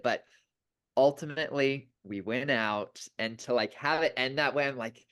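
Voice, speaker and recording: A young man tells his stories at an eager pace, leaning on "like" and quoting himself along the way. His pitch is middling and natural. He sounds casual and upbeat. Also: moderate pace. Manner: excited storyteller, quotes himself, filler "like". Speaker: reality show contestant, guest. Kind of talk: casual interview chat.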